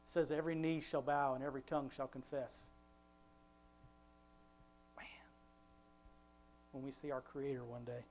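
During an informal family devotion, a father speaks conversationally and circuitously, restarting often and slowing to emphasize scripture. His mid-range voice is a little mellow, with fairly even intonation.

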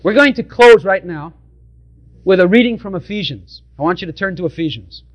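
A man's voice: high-pitched, expressive, a little fast, highs cut off. A male preacher delivering an emphatic sermon and speaking directly to his congregation, often repeating his points.

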